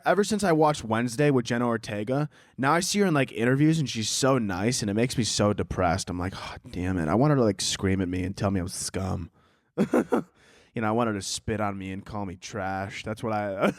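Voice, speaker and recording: With a voice on the low side, a man runs his solo podcast in clean studio sound with no room echo. He rants in a casual way, full of sarcasm and profanity, and cracks himself up with his own jokes.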